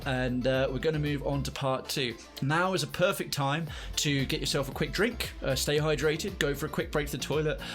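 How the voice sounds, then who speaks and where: A man's voice: fairly high pitch, normal speed, hardly any pauses, fairly bright tone, soft background music. A man streaming live, reading a story and chatting to viewers in a rambling, self-correcting way.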